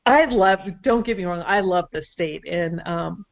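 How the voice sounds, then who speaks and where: A woman from Minnesota talks as a guest, rambling and hesitant, filling pauses with ums. Her voice sits on the low side. The sound is dull and lo-fi. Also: creaky. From Minnesota, USA. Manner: rambling, hesitant, many fillers. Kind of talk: casual conversation. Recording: dull lo-fi audio.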